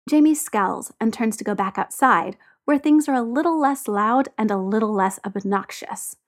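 Female audiobook narrator, even and expressive. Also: fairly high pitch, moderate pace, hardly any pauses. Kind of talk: reading fiction aloud.

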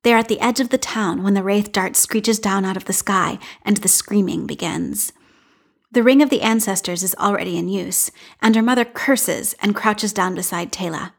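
A woman reading a fan story aloud in a measured, expressive narration. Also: mid-range voice, gravelly, husky. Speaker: podfic reader.

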